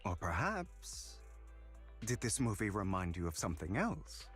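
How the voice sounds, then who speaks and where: A man's voice: on the low side, very animated, measured pace, fairly bright tone, husky, soft background music, exaggerated voice. An actor playing a refined, courteous male collector in a video game, speaking in a silky, polite manner. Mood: probing. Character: suave refined male collector, smooth flatterer. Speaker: game character.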